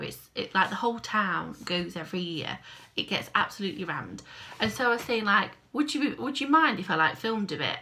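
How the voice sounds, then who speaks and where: A woman's voice: mid-range voice, creaky, bright, forceful tone. A woman talking casually to camera at home for her vlog, rambling and self-deprecating. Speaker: crochet vlogger. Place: at home by a window.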